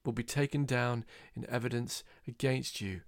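A man's voice: mid-range voice, fairly even intonation, normal speed, creaky, no room sound, studio quality, close to an everyday voice. A man reading the lines of a male drinker who teases his friend in a mock-solemn tone. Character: teasing male drinker mimicking court oaths.

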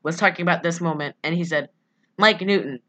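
A woman's voice: lowish voice, fairly quick, a bit bright. A young woman co-hosting a podcast, recapping a movie in casual chat, rambling with lots of fillers and laughing asides. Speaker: podcast co-host.

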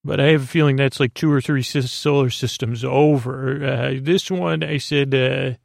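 A man meandering through an improvised bedtime story, halting and full of soft fillers. His voice is mid-pitched and gravelly with vocal fry. The sound is close and dry. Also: steady tone, no echo. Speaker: host of a sleep story podcast.

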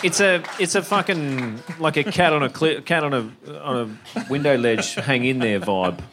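A man with an Australian accent co-hosting a live comedy podcast, reading listener messages in a blunt, sweary, deadpan way. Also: medium pitch, moderate pace. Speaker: podcast co-host. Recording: live show with music and crowd behind.

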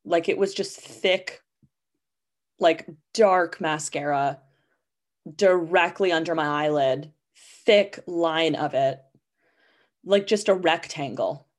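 Chatty woman podcaster, slightly low. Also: slow pace, pauses often. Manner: rambling, chatty, heavy use of "like" fillers. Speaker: podcast host. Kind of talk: casual storytelling monologue.

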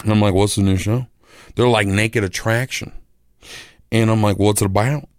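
Rambling, animated middle-aged man telling a story. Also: lowish voice, moderate pace, no room sound, studio quality. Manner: rambling, animated, acts out quoted voices. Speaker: radio personality and musician. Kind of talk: casual storytelling monologue.

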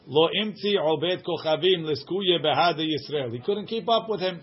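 In a dull lo-fi recording, a man teaching Talmud to a study group reads and translates line by line, often asking "right?". He speaks a little high at a normal speed.

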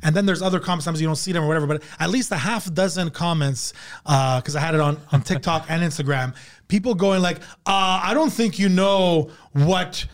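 Profane rambling comedian, higher-pitched man. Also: fast. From Canada. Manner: rambling, profane, laughs often. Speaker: comedian and podcast host. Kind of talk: casual chat.

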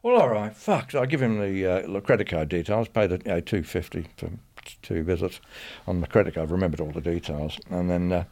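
Man, lowish voice, quick rambling storyteller, swears nonstop. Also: darkish tone. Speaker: guest storyteller. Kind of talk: casual anecdote telling.

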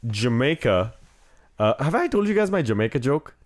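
A man's voice: fairly high pitch, sing-song, fast talker. A man with a cold, co-hosting a casual podcast chat, joking and rambling with lots of fillers. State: has a cold. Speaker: podcast co-host.

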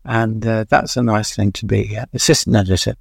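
Older male guest, gravelly voice, dry close sound, rambling anecdotal storyteller with many pauses. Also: on the low side, steady tone, no echo. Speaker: veteran music journalist, guest.

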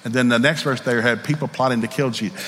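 A man's voice: mid-range voice, fairly even intonation, quick pace, a bit bright. Man, Southern accent, middle-aged, preacher, folksy storytelling sermon, long reverb, faint background noise. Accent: Southern American. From Southern United States. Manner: folksy, candid, acts out voices in his stories.

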